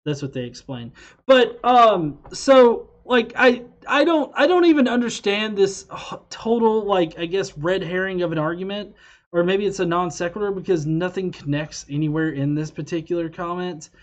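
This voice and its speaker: A man's voice: high-pitched, animated, normal speed. A man hosting a casual livestream, rambling and swearing, with lots of fillers and restarts. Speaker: livestream host.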